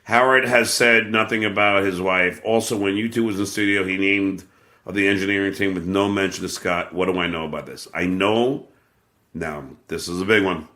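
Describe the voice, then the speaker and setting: A man's voice: deep voice, fairly even intonation, moderate pace, sharp tone, echoey room. A man hosting a live show, talking casually and crudely and taking an unexpected call. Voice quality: crude, joking. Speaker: show host taking calls.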